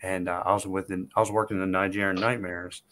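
A man's voice: deep voice, flat delivery, fast, a bit bright, slight background noise. A man telling a wrestling story in casual chat, building up to the punchline and repeating himself. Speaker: wrestler guest.

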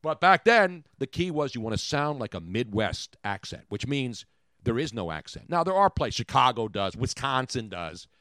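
A middle-aged man hosting a radio show, riffing in casual comedic banter with an animated, rambling delivery. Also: medium pitch, normal speed, no echo, studio quality. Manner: animated, joking, rambling riffs.

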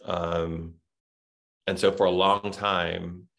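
Southern guy from texas, low gravelly voice, rambly and thoughtful, lots of you knows. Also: flat delivery, extremely slow, fairly bright tone. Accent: Southern American. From Texas, USA. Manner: reflective, rambling with many fillers. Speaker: guest. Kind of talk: casual interview chat.

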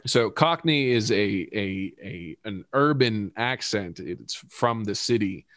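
A man with a somewhat low voice co-hosts a casual podcast, rambling through stumbles and restarts and breaking into laughter now and then. The sound is dry and close. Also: animated, slow, fairly bright tone, dry recording. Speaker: podcast co-host. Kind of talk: casual chat.

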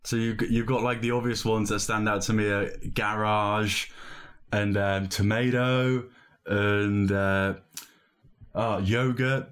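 A man's voice: on the low side, fairly even intonation, slow pace, a bit bright, clear, resonant tone. A man from northern England, with only a faint accent left, hosting the interview in a friendly, eager way. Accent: light northern English. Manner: friendly, eager, laughs easily. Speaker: interview host. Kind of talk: casual conversational interview.

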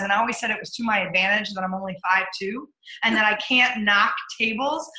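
Middle-aged woman, coach, animated storyteller, echoey room. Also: on the high side. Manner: animated, acts out her own inner voice. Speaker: guest, leadership coach and speaker. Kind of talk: casual interview storytelling.

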